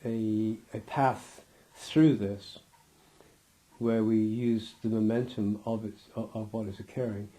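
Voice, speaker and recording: A man's voice: fairly low pitch, steady tone, takes it slowly, mellow. A man giving a loose, rambling interview, restarting his sentences and acting out little scenes with laughter.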